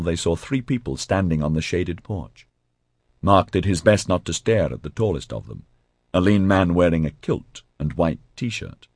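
A very deep, husky male voice narrating an audiobook, with wide, lively swings of pitch. He tells the story expressively, recorded close and dry with no room sound. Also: dry recording.

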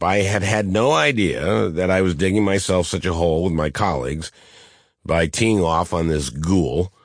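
A middle-aged man with a nasal Midwestern twang reading his own memoir as an audiobook, with dry, deadpan wit. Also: deep voice, dry recording. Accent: Midwestern American.

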